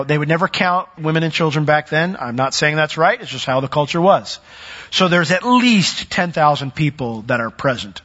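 A man preaching a sermon, animated, who acts out the voices of the people in his story. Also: medium pitch, breathy edge, long reverb tail. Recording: dull lo-fi recording.

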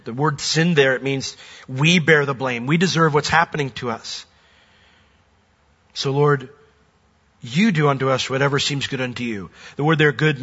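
A pastor preaching a sermon, lively and animated, often acting out voices. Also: male voice, a little high, husky. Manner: animated, acts out quoted voices. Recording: dull recording with long hall reverb.

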